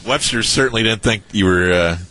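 A man co-hosting a sports radio show, reacting with animated, laughing banter. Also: lowish voice, a little fast, a little hiss or hum. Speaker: radio co-host.

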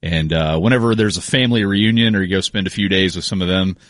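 A man's voice: low-pitched, quick pace, fairly bright tone, no echo, clean studio sound. A man co-hosting a sports show, wry and explanatory in casual banter.

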